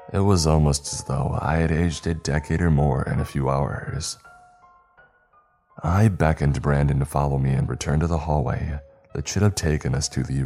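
A man reading a horror story aloud in a measured, steady narration. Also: a bass voice.

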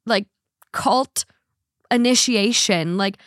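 A woman hosting a podcast, reading a story aloud and then chatting in a rambling, animated way with many fillers. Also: mid-range voice, slow, no echo, clean studio sound. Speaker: podcast host. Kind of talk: casual podcast chat.

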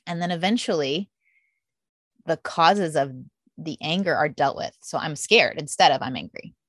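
A middle-aged woman with a slightly low voice tells lively stories in a relaxed interview. She slips into quoting her own past thoughts. The sound is dry and close to the mic. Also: moderate pace, no room sound. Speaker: podcast host appearing as guest. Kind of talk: candid conversational interview.

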